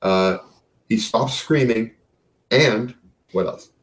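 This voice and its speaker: A man narrating as game master in a tabletop game, with a relaxed and plain delivery. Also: mid-range voice, takes it slowly, low-quality recording.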